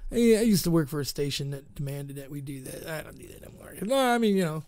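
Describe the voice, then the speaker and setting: A man with a high-pitched voice hosts a live internet radio show. He rambles in a casual, unscripted way, full of fillers and jokes at his own expense. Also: animated, brisk, hardly any pauses, a little mellow. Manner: rambling, self-mocking, many fillers.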